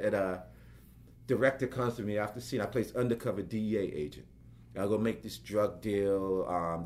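A man, a working actor, telling an anecdote as a guest and acting out the voices of the people in it. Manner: lively, acts out quotes with big pitch jumps. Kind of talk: animated storytelling.

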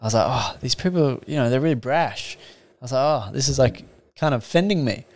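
A young man hosting a casual podcast, chatting in a relaxed, friendly way and telling his own travel stories. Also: medium pitch, brisk. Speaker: podcast host. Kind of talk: casual interview chat.

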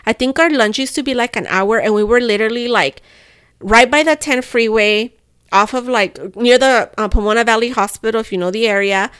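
A young woman, telling a story on a podcast in an animated, profane way and slipping into phrases. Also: on the high side, a little fast, clean tone, no room sound, clean studio sound. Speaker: podcast co-host. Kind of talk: casual storytelling chat.

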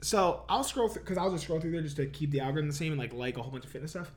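A man's voice: on the high side, rapid-fire. A man co-hosting a casual chat, blunt and argumentative, who swears freely.

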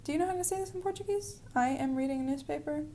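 A woman giving a pronunciation lesson in a friendly, explanatory way, slowing down to model words. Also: high-pitched, mellow, slight background noise. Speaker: language teacher.

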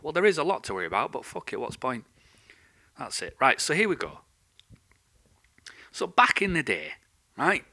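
A man, hosting a podcast in a sweary, rambling, animated ranting monologue. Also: medium pitch, moderate pace, pauses often. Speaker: podcast host.

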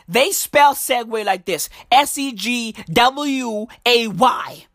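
A woman's voice: on the high side, slow pace, hardly any pauses, fairly bright tone, no room sound, studio quality. Crude, mocking woman. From South Africa. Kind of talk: crude comedic reaction commentary.

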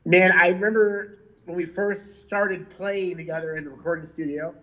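A man, a touring musician, telling animated, laughing stories over a remote call in a casual interview. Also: high-pitched, moderate pace, lo-fi sound. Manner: animated, laughing, swearing, lots of "like" and "you know". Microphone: remote call mic.

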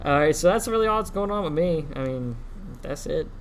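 A man's voice: on the high side, lively intonation, a little fast, a crowd in the background. A man from New Orleans with a Louisiana accent, co-hosting a casual podcast in a laid-back, giggly, rambling way. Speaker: podcast co-host. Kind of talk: casual chat.

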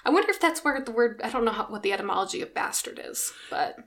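A young woman co-hosting a casual podcast with her father, chatty and quick to laugh. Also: a little high, expressive, fairly bright tone. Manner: chatty, giggly, quick asides. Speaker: podcast co-host. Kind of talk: casual chat.

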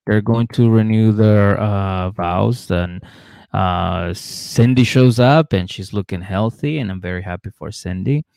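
A man co-hosting a podcast recaps a reality show in a laid-back, rambling way, acting out quotes in mocking voices. His voice is lowish, unhurried, and darkish, with vocal fry. The recording is dry and studio quality.

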